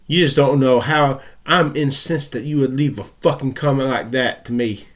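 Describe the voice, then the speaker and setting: A man's voice: mid-range voice, moderate pace, hardly any pauses. An American man ranting furiously into his camera, swearing heavily and tripping over his words. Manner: furious, profane and stammering. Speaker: vlogger. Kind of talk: angry ranting monologue.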